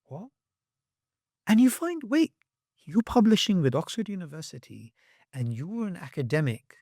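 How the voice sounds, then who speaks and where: A man on a podcast as a guest, talking with animation and acting out quoted voices with sharp jumps in pitch. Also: very animated, normal speed, vocal fry, no echo, studio quality. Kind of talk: podcast conversation.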